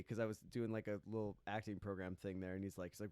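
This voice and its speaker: A young man from the Midwest tells lively stories with a smooth, resonant voice. He slips into the voices of the people he talks about. The sound is dry and close, recorded in a small studio. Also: fairly low pitch, racing, few pauses, dry recording. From American Midwest. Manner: animated storyteller, acts out quoted voices. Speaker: guest. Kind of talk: casual storytelling chat.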